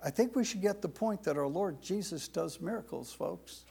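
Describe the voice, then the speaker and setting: A man's voice: sits high, lively intonation, moderate pace, gravelly, warm tone, breathy edge. A man preaching a sermon, reading scripture aloud and repeating phrases for emphasis. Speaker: pastor.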